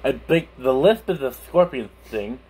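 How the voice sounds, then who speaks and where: A man's voice: medium pitch, expressive, unhurried, darkish tone, slightly rough. A young man chatting casually on his vlog, speaking with a lisp from a burned tongue, laughing and swearing as he stumbles over words. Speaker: YouTuber.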